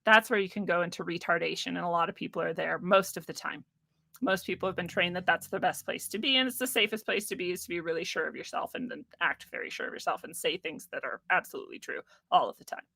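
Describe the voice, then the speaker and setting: A woman with a bright, forceful voice rants casually to her livestream viewers. She is blunt, profane and sarcastic and laughs often, close to the mic in a dry room. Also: lowish voice, fast talker, creaky, no room sound. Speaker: spiritual livestream host.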